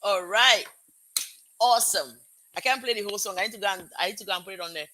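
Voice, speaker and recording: A woman hosting her own live-streamed show in casual chat, bubbly and excitable, greeting viewers one by one from home. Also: mid-range voice, fast, slight background noise. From Africa. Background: music playing.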